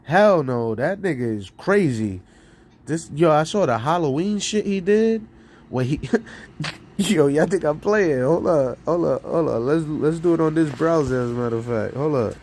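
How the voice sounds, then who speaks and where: A man talking casually on his live stream, rambling and profane, laughing between lines and swinging from loud outbursts to low mutters. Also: lively intonation, moderate pace, slight background noise. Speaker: streamer and rapper.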